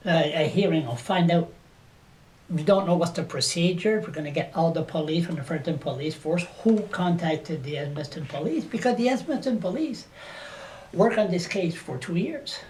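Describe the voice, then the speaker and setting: A man's voice: high voice, a little hiss or hum. A man interviewing a guest in a casual, blunt way, with sarcastic jokes he laughs at himself. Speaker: interviewer and activist.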